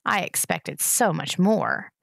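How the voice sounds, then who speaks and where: A woman's voice: slow, vocal fry, dry recording, clean studio sound, full character voice. A woman doing a scornful rat king. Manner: low, scornful.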